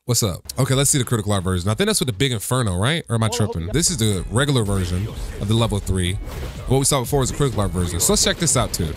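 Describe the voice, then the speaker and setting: A young male gaming YouTuber talks in a casual, slangy way, and his voice swings widely in pitch as he gets hyped. He keeps breaking into loud bursts of excitement. Faint game music plays behind him. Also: racing. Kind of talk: casual gaming reaction commentary.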